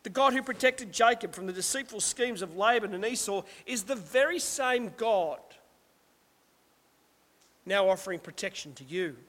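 A pastor with a notably high, slightly bright voice delivers a formal sermon rather than a casual talk, preaching with emphasis and tossing rhetorical asides to the congregation. His intonation is lively and his pace moderate, and a long echo carries his words as if through a large church hall.

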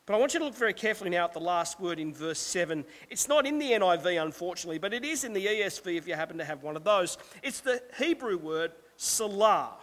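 A man with a notably high voice preaching with emphasis and throwing rhetorical asides to the congregation. His words ring out with a long echo, as in a large church hall. It is a delivered sermon, not a casual talk. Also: expressive, quick pace, few pauses, fairly bright tone. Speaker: pastor.

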